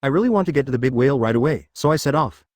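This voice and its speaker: A man's voice: mid-range voice, animated, rapid-fire, a little mellow, no echo, clean studio sound, lightly acted. A man voicing a blunt, impatient young male fighter in a synthetic audiobook.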